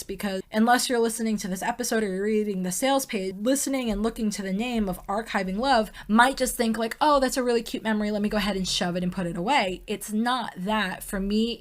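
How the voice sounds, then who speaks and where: A woman in her thirties hosting a podcast, talking candidly and emotionally in a rambling personal monologue, swearing freely. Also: mid-range voice. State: close to tears. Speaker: podcast host.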